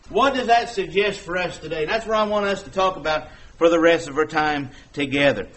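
A man's voice: on the high side, animated, moderate pace, a bit bright. A man preaching a sermon in a folksy, conversational way, acting out the dialogue he quotes.

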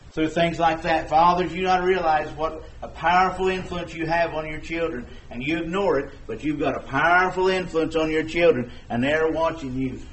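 A man's voice: a little high, rough recording. A man preaching a sermon, shifting from conversational talk to emphatic exhortation.

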